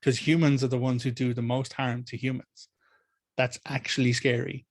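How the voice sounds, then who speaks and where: An Irish man talks through a community Q&A about mythology at an ordinary middle pitch. He is animated and discursive, circling back with restarts and asides. The sound is dry and close. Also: moderate pace, no room sound. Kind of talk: community Q&A talk.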